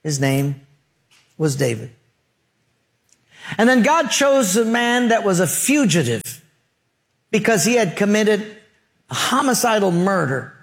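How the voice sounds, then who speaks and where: A male pastor preaching a sermon with humorous stories, emphatic pauses and rhetorical questions. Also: high voice, sing-song, vocal fry.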